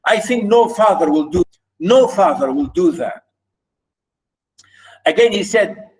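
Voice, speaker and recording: A man's voice: sits high, animated, a little slow, rough recording. A man teaching a literature lesson, explaining a passage by restating points again and again with emphasis. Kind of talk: recorded literature lecture.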